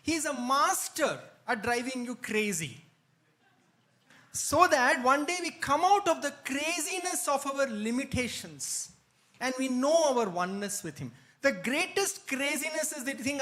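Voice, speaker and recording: A man telling an anecdote at a spiritual retreat, animated and laughing often. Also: very high-pitched, a little slow. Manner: animated storytelling, frequent laughs. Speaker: retreat speaker. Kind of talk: anecdotal talk. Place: hall, live-streamed.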